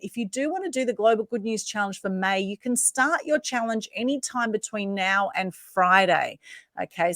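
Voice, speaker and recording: A woman hosts a live online interview with effusive, chatty energy. Her voice sits in a middle pitch. The sound is dry and close. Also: no room sound. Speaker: host.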